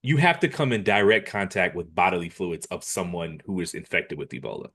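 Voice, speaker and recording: A man's voice: low-pitched, expressive, brisk, a bit bright, husky. A man co-hosting a podcast in casual chat, laid-back and blunt, swearing freely. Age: adult, jokes about dating himself. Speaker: podcast co-host.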